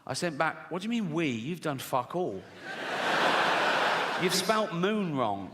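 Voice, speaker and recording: A man's voice: a little high, very animated, slow pace. A middle-aged man doing a stand-up comedy set, sardonic and sweary, laughing at his own jokes. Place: large theatre stage. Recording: live hall reverb, faint noise.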